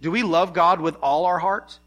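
Male preacher with a bright tone, earnest sermon, questions to the congregation. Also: high voice, normal speed, dull audio.

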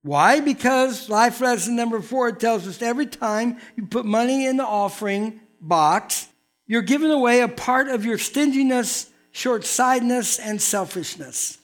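A man's voice: very high-pitched, moderate pace. A man, a pastor from North Carolina preaching a sermon in a church, telling folksy stories and acting out the dialogue.

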